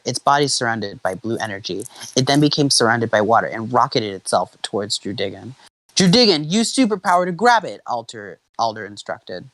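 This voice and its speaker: A man's voice: medium pitch, a bit bright, no echo, low-quality recording. A young man casually reading fanfiction aloud to friends, often stumbling over names and restarting lines. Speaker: fanfiction reader.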